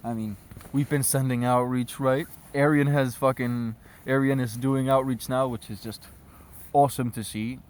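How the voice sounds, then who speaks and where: A man's voice: medium pitch, fairly even intonation, normal speed, a little mellow, clean tone. A man vlogging outdoors on his phone at sunset, rambling loosely with constant swearing. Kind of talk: casual rambling rant to camera.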